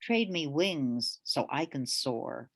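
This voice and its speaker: A woman giving a poetry reading as the featured poet, delivering her lines in a deliberate, measured way with pauses between them. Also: very deep voice, expressive. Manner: hesitant, with fillers, when speaking off the page.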